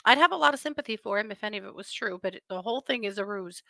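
A woman's voice: mid-range voice, lively intonation, rapid-fire, gravelly, sharp tone, dry recording. A woman hosting a livestream, chatting casually with her viewers about a wild crime case, rambling through asides and laughing often. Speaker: livestream host reading viewer comments.

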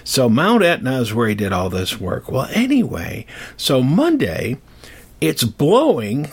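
An older man retells an old myth in a loose, chatty storytelling style, drifting off into tangents and asides. His voice is husky with a lively rise and fall. He sounds animated and talkative. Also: medium pitch. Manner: rambling, digressive, animated. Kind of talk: casual storytelling.

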